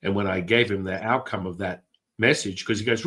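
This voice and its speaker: A middle-aged man, a guest, telling stories with excitable energy and casual swearing. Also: fairly low pitch, brisk. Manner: excitable, swears, acts out quotes in other voices. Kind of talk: animated storytelling.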